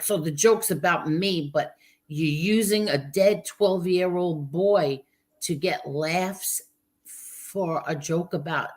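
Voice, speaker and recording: A woman's voice: on the low side, a bit bright. A woman co-hosting a casual livestream podcast, speaking in an emphatic, indignant way. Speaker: podcast co-host.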